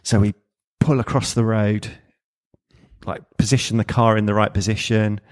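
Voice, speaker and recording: A man telling a story on a podcast in a loose, rambling way, with swearing and laughter slipped in. His voice sits slightly low. It is relaxed, easy conversation between friends. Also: normal speed. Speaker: podcast co-host. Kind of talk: casual anecdote telling.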